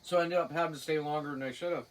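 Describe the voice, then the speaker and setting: A woman's voice: sits low, steady tone, rapid-fire. A middle-aged Cape Breton woman spins a personal yarn in blunt, salty everyday talk, chuckling as she goes. Her voice sits a little back from the microphone, so it sounds slightly distant. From Cape Breton, Canada. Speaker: storyteller guest. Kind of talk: casual spoken anecdote.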